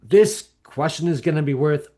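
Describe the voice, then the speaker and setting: A man from Canada hosting a casual interview, speaking softly with hesitant restarts. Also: fairly high pitch, moderate pace. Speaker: host. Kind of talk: casual video call interview.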